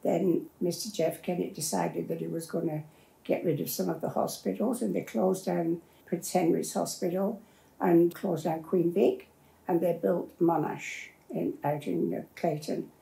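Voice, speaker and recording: A woman's voice: fairly low pitch, creaky, mellow. An older woman, telling her life story in a plain-spoken, rambling way as an interviewee. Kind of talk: personal storytelling. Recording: roomy echo.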